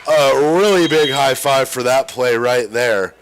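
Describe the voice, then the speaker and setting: A man calling a high school volleyball match as play-by-play announcer, chatty and quick to exclaim. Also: slight background noise. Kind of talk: live volleyball commentary.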